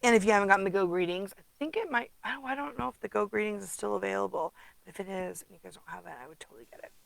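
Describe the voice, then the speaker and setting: A woman's voice: medium pitch, racing, gravelly, a bit bright, slight background noise, low-quality recording. A woman casually demonstrating card making at her desk, chatty, humming to herself and muttering asides. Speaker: craft demonstrator.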